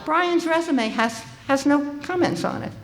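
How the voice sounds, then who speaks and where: An older woman giving a conference talk to an audience, speaking in a lively, conversational way with frequent ums and restarts. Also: sits high, a little slow, faint music behind. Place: conference hall.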